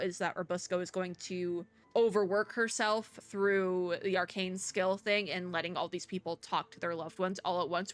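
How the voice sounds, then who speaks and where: A game content creator, young and at home, speaks on the low side with a fairly bright tone. Her commentary on the story is casual and reflective, mixing read-aloud passages with chatty remarks and plenty of filler words.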